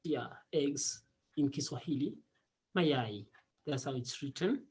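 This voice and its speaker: A man teaching a casual online Swahili lesson, repeating words slowly and laughing often. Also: fairly high pitch, a little mellow.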